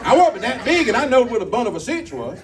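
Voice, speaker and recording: A fairly high-voiced man working a comedy club crowd with folksy, drawling stories. He is caught from some distance on a stage mic, with audience laughter and guitar under him. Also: very animated, fast talker. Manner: folksy storytelling, crowd banter. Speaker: stand-up comedian. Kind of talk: stand-up comedy with sung bits.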